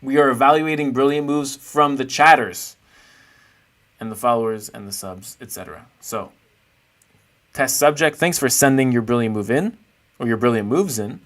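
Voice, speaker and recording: A man's voice: medium pitch, moderate pace, a bit bright. A man streaming live, chatting casually and playfully with his viewers while he rates chess games. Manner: chatty, playful, thinks aloud while searching.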